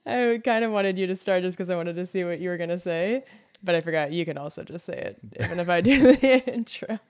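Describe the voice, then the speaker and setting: Low-pitched woman co-host, casual and giggly, dry close sound. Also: fairly quick, a little mellow, clean tone, no room sound. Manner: giggly, chatty, laughs often. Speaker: podcast co-host. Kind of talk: casual chat.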